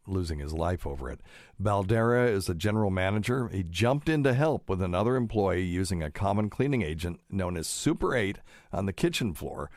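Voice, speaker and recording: A middle-aged doctor hosts his own podcast solo, rambling casually with many fillers and pedantic asides. His low-pitched, darkish voice comes through in clean studio sound with no room noise.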